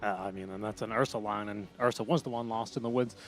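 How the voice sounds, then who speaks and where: A man's voice: on the low side, steady tone, quick pace, soft background music. A man hosting an esports broadcast desk, upbeat and chatty, steering the talk with questions.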